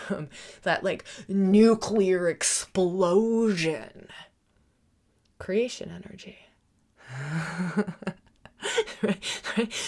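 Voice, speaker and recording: A woman hosting a podcast, giving a spiritual teaching monologue. She drifts into soft whispers, giggles often and searches for words. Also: medium pitch, vocal fry. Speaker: podcast host and retreat teacher.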